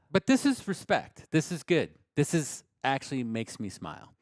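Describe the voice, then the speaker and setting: A man appearing as a racer guest on a live-stream studio show, talking bluntly and casually and swearing now and then. His voice sits in a middle pitch and sounds close and dry. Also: wildly swooping pitch, unhurried, no room sound.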